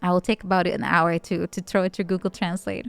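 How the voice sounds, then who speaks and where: A woman's voice: fairly low pitch, little pitch movement, fairly quick, creaky, smooth, no room sound. A young woman with a Dutch accent, a native Dutch speaker, streaming and chatting casually with viewers, giggly and playful. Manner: giggly, playful, chatty, reading chat aloud. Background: faint background music.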